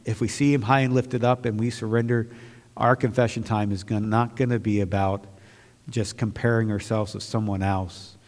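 A man preaching a sermon as pastor to his church, moving from quiet, reflective talk to loud, fervent outbursts. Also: fairly low pitch, fairly even intonation, normal speed, in a large hall.

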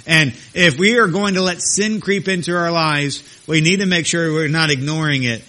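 A man's voice: fairly high pitch, normal speed, sharp tone. A man preaching a sermon as pastor, emphatic and repetitive, his voice jumping up when he acts out quoted voices. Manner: emphatic, repeats phrases, rises sharply for quoted voices.

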